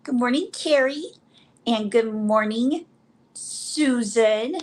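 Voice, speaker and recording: A woman's voice: a little high, slow. A woman co-hosting a casual crochet livestream, cheerfully greeting viewers by name and chatting about her projects.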